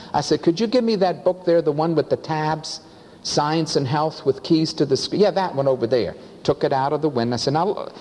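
A man's voice: fairly high pitch, darkish tone. A man preaching a sermon, telling a story with acted-out dialogue and pressing rhetorical questions. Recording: long hall reverb.

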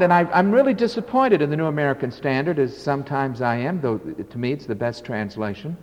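A man's voice: medium pitch, animated, a little fast, few pauses. An older man preaching a sermon as pastor, emphatic and drawn out, with sudden swells and drops in his delivery. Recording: long hall reverb.

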